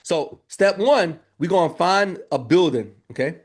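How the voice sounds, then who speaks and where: Male business trainer, lively and joking, fairly high voice, chatty live workshop delivery. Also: a little slow, husky. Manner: energetic, joking, addresses audience as y'all.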